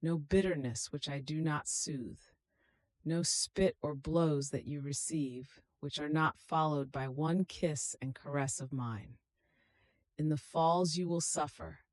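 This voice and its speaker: A reader giving a slow, solemn, meditative devotional reading in a prayerful tone. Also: medium pitch, a little mellow, no echo.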